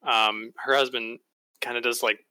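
Hesitant deadpan man with a bright voice. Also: mid-range voice, normal speed, clean tone, no echo, low-quality recording. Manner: deadpan, hesitant, with repeated flat refusals. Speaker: improv player in character. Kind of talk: improvised comedic role-play over a radio.

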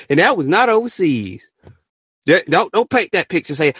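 A man hosting a podcast, ranting his opinion in an animated, profane way and bursting into shouts. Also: on the high side, normal speed, breathy edge, dry recording, studio quality. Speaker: podcast host.

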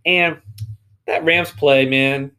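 A man's voice: on the high side, fairly even intonation, slow, sharp tone, clean tone. A man co-hosting a podcast, telling rambling stories in casual chat and laughing often; he coaches youth flag football. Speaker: podcast co-host.

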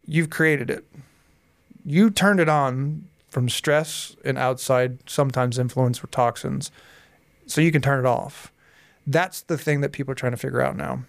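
A man in his forties, a guest on a podcast interview, telling personal stories in a lively way and acting out the dialogue. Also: mid-range voice, measured pace, vocal fry, dry recording. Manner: lively storyteller who acts out dialogue. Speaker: guest, hypnotherapist and coach.

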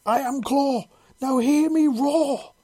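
A reader voicing a shy young male winged creature who stammers and repeats words timidly, in a husky, mellow voice. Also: medium pitch, measured pace. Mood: roaring.

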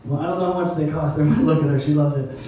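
A man's voice: on the high side, steady tone, racing, dark tone, a little hiss or hum. A man preaching a sermon as pastor, in a conversational style with wry, self-deprecating asides. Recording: echoey hall, mic at a distance.

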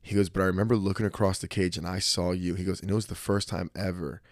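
A man's voice: low-pitched, flat delivery, fast talker, dry recording, studio quality. A man in his thirties, from New Jersey, chatting casually on a podcast, swearing often and acting out the people in his stories. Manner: profane, storytelling, acts out quoted voices. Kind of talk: casual chat.

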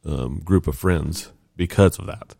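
A man's voice: sits low, a little slow, vocal fry, mellow, breathy edge, no room sound, clean studio sound. A man, hosting a podcast in casual, chatty conversation. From Southern United States. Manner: chatty and talkative. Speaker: podcast host. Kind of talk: casual chat.

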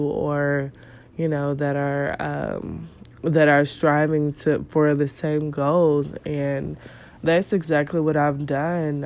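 A woman's voice: low-pitched, a little mellow. A woman hosting her own podcast, talking casually with a nasal voice and lots of fillers and restarts. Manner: rambling, many fillers and restarts. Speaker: podcast host. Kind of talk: casual solo podcast talk.

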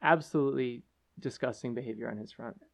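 A man co-hosting a casual podcast, talking in an earnest, halting way with many fillers. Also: medium pitch, vocal fry, fairly bright tone. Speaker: podcast co-host.

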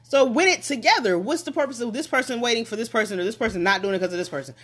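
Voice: medium pitch, very fast, fairly bright tone, breathy edge. A speaker giving a casual motivational monologue about relationships, talking emphatically with lots of repetition and building to passionate pushes.

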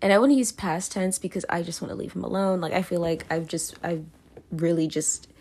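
A woman's voice: fairly low pitch, steady tone, fairly quick, a little mellow, breathy edge. A young woman hosting her own podcast, talking through her feelings in a rambling, self-conscious way full of fillers and restarts. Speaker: podcast host. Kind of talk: casual confessional monologue.

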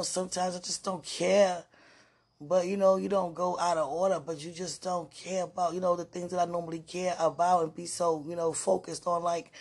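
A woman giving an emotional, prayerful spiritual monologue on a podcast, repeating phrases and often dropping to hushed murmurs. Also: lowish voice, breathy edge. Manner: repeats phrases, many fillers.

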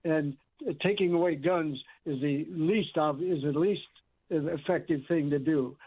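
Guy calling in on a tinny phone line, kinda high voice, lots of uhs. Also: husky. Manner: halting, many fillers and restarts. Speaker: caller. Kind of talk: call-in opinion.

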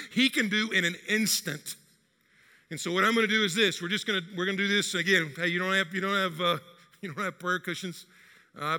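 Impassioned high-voiced preacher man. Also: vocal fry, sharp tone, long reverb tail. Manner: impassioned, building to emphatic declarations. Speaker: pastor. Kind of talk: sermon retelling a story. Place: church sanctuary.

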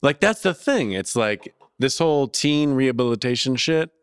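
A man with a mid-pitched voice rambles through his thoughts in a relaxed podcast chat, swearing often and getting louder when he gets worked up. The recording is close and dry. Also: moderate pace, clean tone, dry recording. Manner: rambling, profane, loud bursts when excited. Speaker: podcast co-host. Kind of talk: casual chat.

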